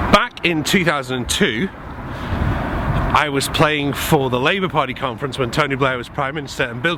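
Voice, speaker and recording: A man telling stories in a chatty, joking way for his vlog. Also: medium pitch. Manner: chatty, jokey. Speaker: vlogger and saxophonist. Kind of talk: casual vlog storytelling. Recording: outdoor street and traffic noise.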